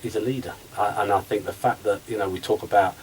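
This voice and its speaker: A man's voice: on the low side, quick pace, far from the mic, a little hiss or hum, rough recording. A man who used to play football, talking as a guest on a radio show and acting out conversations as he tells stories. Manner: animated storyteller, acts out conversations. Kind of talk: radio interview chat.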